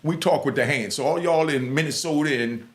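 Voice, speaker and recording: A man from Harlem with a New York accent and a slightly high voice speaks briskly to the camera indoors in front of a green screen. As a YouTuber, he gives young people advice in a casual, emphatic, streetwise way.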